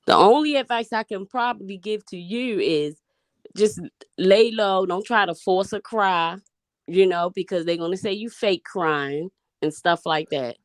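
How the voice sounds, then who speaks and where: A woman from Baltimore calling in, giving calm, reassuring advice. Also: mid-range voice, no room sound, studio quality. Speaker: caller. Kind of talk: call-in advice.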